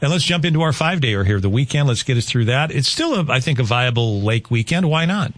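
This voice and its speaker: A man's voice: mid-range voice, expressive, fast, dry recording. A man hosting a local radio morning show, chatting casually and joking with a guest and taking listener texts from a studio. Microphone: studio mic.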